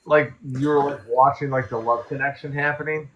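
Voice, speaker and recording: Man, podcast host, playful interjections, mid pitch, faint noise. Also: steady tone, a bit bright, poor audio. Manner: quick interjections, playful suggestions. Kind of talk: casual chat.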